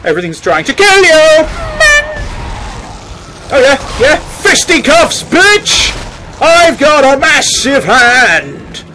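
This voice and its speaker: A man's voice: very high voice, a bit bright, a little hiss or hum, voice pushed up, full character voice, rough recording. A man voicing a horror video game as a brash, mocking figure that taunts the player.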